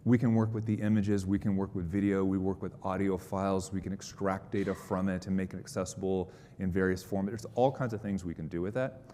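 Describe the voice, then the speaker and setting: A low-voiced man stands before a conference crowd and answers their questions. He explains things in an upbeat, conversational way, and his voice trails off into a long hall reverb over a faint rumble. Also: little pitch movement, brisk, hardly any pauses, mellow. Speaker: conference presenter.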